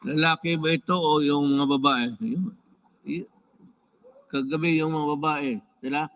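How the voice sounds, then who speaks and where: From a podium in a large indoor hall, a Philippine head of state with a Filipino accent delivers a formal address, halting often with restarts, self-corrections and off-script asides. His voice is fairly high and steady in tone, heard through a muffled recording with a long, hall-like reverb.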